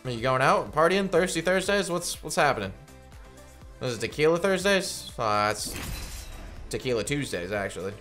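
A young man doing casual live gameplay commentary, greeting viewers and cursing freely. His pitch sits in the middle of the range, and faint music plays under his voice. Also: normal speed, long pauses. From Georgia, United States. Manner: profane, excitable, chatty with viewers. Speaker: game streamer.

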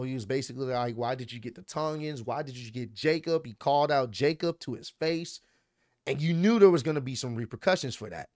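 A young man casually recapping a wrestling match, animated and excitable, with slang and swearing. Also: medium pitch, smooth, no echo, studio quality.

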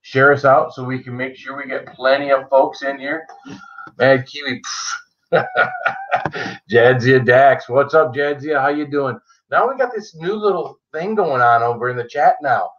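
A man's voice: medium pitch, moderate pace, a bit bright, muffled recording. A man hosting a casual livestream, greeting viewers by name in a chatty, joking way. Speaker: livestream host. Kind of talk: casual live-chat greetings.

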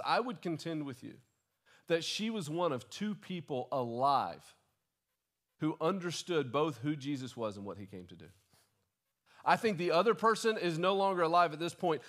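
A man's voice: a little high, a bit bright. Man preaching in a conversational tone. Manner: conversational preaching with repeated restarts and dramatized quotes. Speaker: pastor. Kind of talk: sermon.

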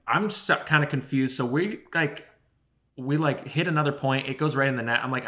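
A man co-hosting a podcast, telling a long story in a rambling, animated way with lots of swearing and filler words. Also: mid-range voice, moderate pace. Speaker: podcast co-host. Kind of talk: casual storytelling chat.

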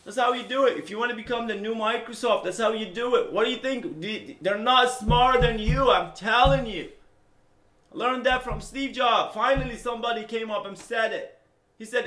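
Fiery high-voiced man ranting in echoey room. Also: normal speed. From Middle East. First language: Arabic. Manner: passionate, repetitive, swings from loud to low. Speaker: software company owner. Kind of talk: unscripted rant to camera.

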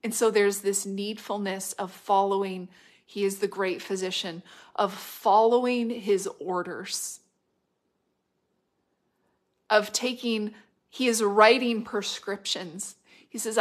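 A middle-aged woman delivering a prophetic word, fervent and repetitive, swinging between loud declarations and hushed whispers. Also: mid-range voice. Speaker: prophetic minister.

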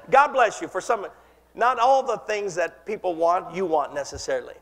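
High-voiced pastor preaching in a hall. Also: male voice, sing-song, normal speed, fairly bright tone. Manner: impassioned preaching, leads call-and-response. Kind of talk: sermon.

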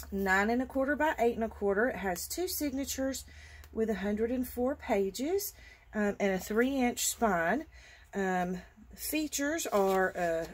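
Gushing breathy woman. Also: medium pitch. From Georgia, US. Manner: gushing and enthusiastic, drops to near-whispers when admiring. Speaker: craft channel host. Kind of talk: casual show-and-tell vlog.

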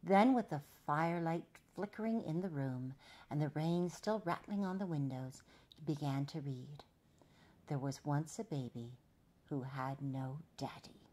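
A woman storyteller reading a children's picture book aloud in an expressive, sing-song way. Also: low-pitched, measured pace.

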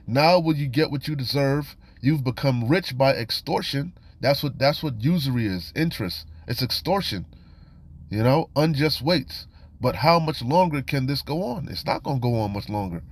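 A man teaching from scripture in a casual, admonishing way, often repeating "you know" and "man". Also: medium pitch. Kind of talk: informal scripture study and warning.

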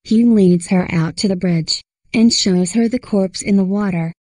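A woman narrating a scripted horror story in a steady storyteller's reading. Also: mid-range voice, normal speed, dry recording, rough recording.

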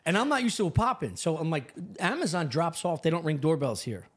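A man's voice: fairly high pitch, brisk. A young adult man co-hosting a podcast, telling a comedic story with lots of profanity and acted-out quotes. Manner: animated, profane, acts out quotes. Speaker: podcast co-host.

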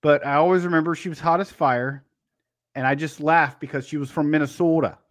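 A man's voice: fairly high pitch, fairly even intonation, fairly quick. A man with a slightly raised voice reads critics' scores, then drifts into rambling, anecdotal stories in loose podcast chat. He restarts his sentences often as he goes. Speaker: podcast co-host. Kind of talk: casual chat and storytelling.

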